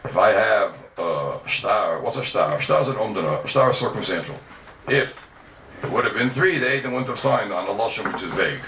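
A man races through a Talmud lesson, his pitch leaping up and down as he argues each point. He is heard from a distance in a roomy classroom, with faint ambience behind him. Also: lively intonation, pushed and bright, slight background noise. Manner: rapid, questioning, sing-song give-and-take. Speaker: Talmud teacher. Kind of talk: animated Talmud class lecture.

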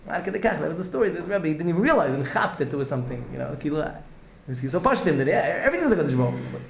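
Casting: male rabbi, gravelly and rapid, earnest lecture style, echoey room. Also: on the high side, very animated, slight background noise. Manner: earnest, repetitive, restarts phrases, mixes in Hebrew and Yiddish words. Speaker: rabbi giving a Torah class. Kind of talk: heartfelt Torah lecture. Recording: echoey room with faint ambience.

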